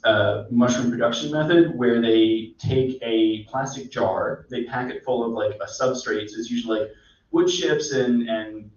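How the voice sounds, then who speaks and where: Man explaining mushrooms, echoey and distant. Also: medium pitch. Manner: relaxed, rambling teacher with many fillers. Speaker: mycologist guest. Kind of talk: casual explanatory chat. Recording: echoey, distant, dull sound.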